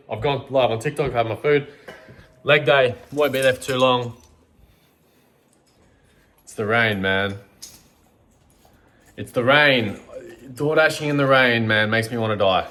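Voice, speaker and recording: With a pushed, bright mid-range voice, a young man speaks casually to his camera. He's blunt, swears a lot, and occasionally runs short of breath.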